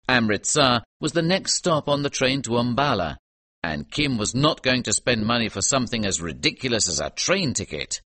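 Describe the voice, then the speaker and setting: Man, storybook narration, clear and measured, lively intonation, dry close sound. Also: mid-range voice, dry recording. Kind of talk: scripted audiobook narration.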